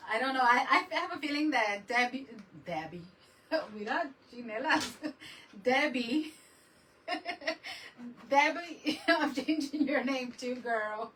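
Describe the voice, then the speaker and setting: A woman talks slowly and casually on her craft livestream, laughing between lines and slipping Spanish words into her English. Her voice sits a little high. She sounds a bit distant from the mic, with faint background noise. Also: a bit bright.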